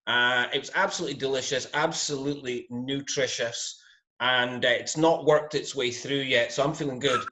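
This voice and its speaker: A man's voice: medium pitch, fairly even intonation, moderate pace, pushed and bright. A man from Scotland with a Glaswegian accent, a podcast guest joking dryly. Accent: Scottish, Glaswegian. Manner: dry, teasing humor. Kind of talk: casual podcast chat.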